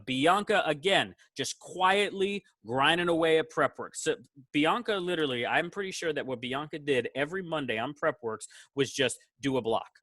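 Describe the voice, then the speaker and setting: A male teacher speaks over a video call, his voice bright and forward. The sound is dry and close, with little room in it, and he praises each student in turn with lively, quoted asides. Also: a little high, dry recording. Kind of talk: casual award speech on a video call.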